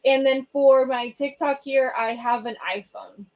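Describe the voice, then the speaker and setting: Chatting casually with her livestream viewers and responding to their comments, a young woman has a high, darkish voice with fairly even intonation and an unhurried pace. She rambles and hums between ideas, picked up by a laptop's built-in webcam mic in a home room with a bookshelf.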